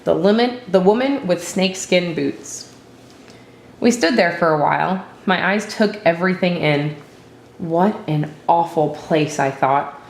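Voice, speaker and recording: A woman reads a first-person story aloud in a steady, reflective way. Her voice sits on the low side for a woman, and a roomy echo hangs around it. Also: a little slow, vocal fry, slight background noise. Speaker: narrator. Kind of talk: storybook reading.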